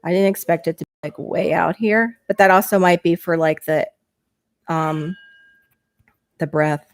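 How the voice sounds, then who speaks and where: Middle-aged woman, casual livestream chat, headset mic, fairly low voice, dry close sound. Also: unhurried, dry recording. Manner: chatty, laughs often, voice jumps up when excited. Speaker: livestream host reading viewer chat. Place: small home bedroom.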